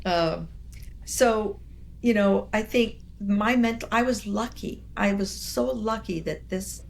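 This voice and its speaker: An older woman, a professor as interview guest, telling animated stories in conversation and acting out quoted voices. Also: medium pitch, slow, creaky. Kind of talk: storytelling in conversation.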